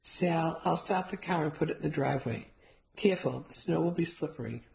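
A woman voicing an affectionate, wry young husband with a relaxed, soft delivery. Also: deep voice, a little fast, vocal fry, low-quality recording. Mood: fond.

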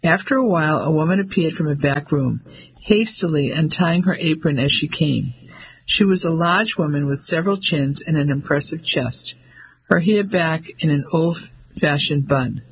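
A man narrating an audiobook in a measured, even storytelling manner. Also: a little high, a little hiss or hum, rough recording.

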